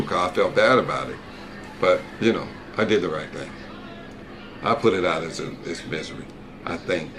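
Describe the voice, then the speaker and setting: A man's voice: low voice, normal speed, pauses often, noisy background. A middle-aged American man co-hosting a casual reaction chat, telling folksy stories and calling people "brother". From United States. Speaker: co-host, the dad.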